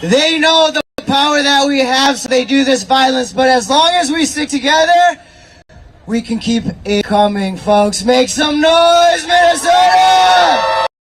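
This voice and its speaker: A man emceeing an outdoor street protest, shouting rousing calls to the crowd. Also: extremely high pitch, animated, measured pace, rough recording. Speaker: rally emcee. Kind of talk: shouted rally speech. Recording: loud crowd noise. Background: cheering crowd.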